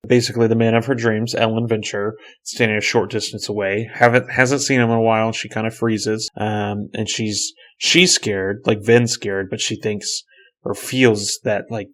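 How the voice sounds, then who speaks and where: Low-voiced man casually retelling a story. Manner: loose retelling full of fillers and restarts. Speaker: podcast co-host. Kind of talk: casual book discussion.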